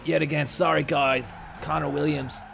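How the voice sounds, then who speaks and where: A young man, a comedian streamer, telling an absurd story in a deadpan, rambling, sweary way. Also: fairly high pitch, moderate pace, creaky, noisy background.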